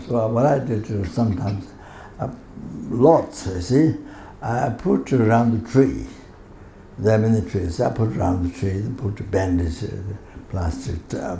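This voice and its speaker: A man giving a Buddhist teaching, halting and full of fillers, often breaking into laughter. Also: low voice, mellow. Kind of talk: dharma teaching. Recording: echoey hall ambience, faint noise.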